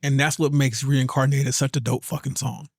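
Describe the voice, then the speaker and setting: A man co-hosting a podcast in casual chat. He is excited, laughs a lot, stumbles over his retellings, and swears. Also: mid-range voice, normal speed, husky, no echo, studio quality. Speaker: podcast co-host.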